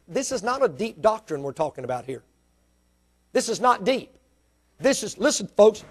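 A pastor, a man with a high voice, preaches to his congregation. He builds to emphatic bursts and keeps asking the room direct questions. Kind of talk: sermon. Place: church.

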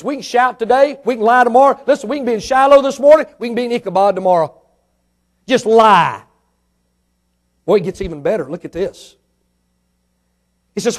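High-voiced fervent male preacher. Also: brisk, long pauses. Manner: fervent, rhetorical questions, swings between soft and loud. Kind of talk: sermon.

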